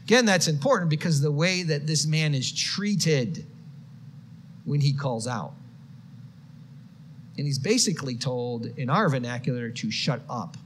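Man, preaching, fairly high voice, faint hiss behind. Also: measured pace, pauses often. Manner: expressive, swings from quiet to shouted quotes. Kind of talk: sermon.

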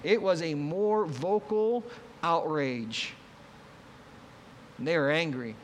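Male pastor, slightly high voice, conversational sermon delivery that acts out the quotes, long hall reverb. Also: takes it slowly, a little hiss or hum. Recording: long reverb, faint ambience.

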